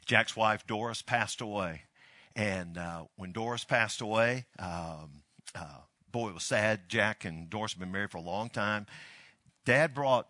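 Forceful, bright-voiced older man preaching. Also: on the low side, dry recording. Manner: folksy, animated storyteller. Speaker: pastor. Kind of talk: storytelling sermon.

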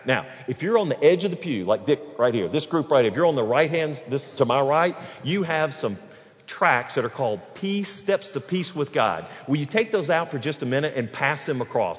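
Animated male pastor in a reverberant church. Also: medium pitch, a little fast. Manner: storytelling, animated, folksy. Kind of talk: sermon. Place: church sanctuary. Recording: long hall reverb.

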